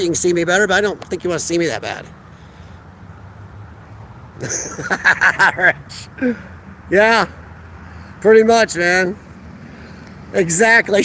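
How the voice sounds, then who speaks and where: A man's voice: high-pitched, fairly bright tone, a little hiss or hum. A man with a Midwestern American accent hosting a casual live stream outdoors at a riverfront park, talking into a handheld phone and answering viewers' chat. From United States. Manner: chatty, reads out viewers' chat and answers them. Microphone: phone camera held by the speaker.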